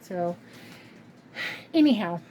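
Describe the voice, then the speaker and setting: A woman's voice: lowish voice, lively intonation, slow, warm tone. A woman in her fifties from California, chatting in a rambling, heartfelt way with lots of fillers in a casual personal vlog at home. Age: 50s. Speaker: crochet channel vlogger. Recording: noisy home recording.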